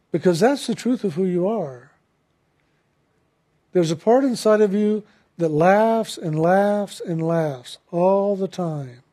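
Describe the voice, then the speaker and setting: A man with a notably high voice delivers a spiritual talk. He speaks gently and reflectively, and laughs readily as he recounts a story. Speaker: spiritual teacher.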